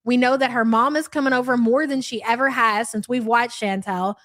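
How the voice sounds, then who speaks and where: Brief: young woman, fairly high voice, blunt and profane reaction-stream host. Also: steady tone, a little fast, fairly bright tone. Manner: blunt, swears freely. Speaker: livestream host. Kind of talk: live reaction commentary.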